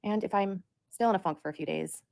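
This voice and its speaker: A woman's voice: medium pitch, fast, vocal fry, darkish tone. A woman talking on a livestream in a rambling, repetitive way, with lots of "like". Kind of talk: livestream monologue.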